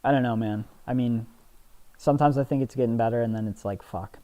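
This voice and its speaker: Young guy on a gaming podcast, rambly, keeps restarting sentences, kinda spacey, normal pitch. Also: steady tone, mellow. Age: young adult. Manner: rambling, halting, full of restarts and fillers. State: a little spacey. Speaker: podcast co-host. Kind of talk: casual chat while gaming.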